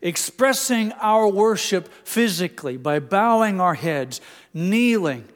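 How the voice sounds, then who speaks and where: A man's voice: high-pitched, expressive, slow, in a large hall. An older man, a pastor, preaching a sermon in a church and putting questions straight to his congregation. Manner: earnest, asks the congregation questions directly. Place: church sanctuary.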